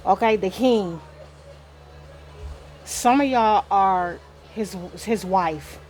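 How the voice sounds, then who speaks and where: A woman's voice: medium pitch, extremely slow, darkish tone, faint music behind. Rambling woman giving a casual spiritual reading. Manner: rambling, talkative, swears casually. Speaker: spiritual card reader. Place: indoor room.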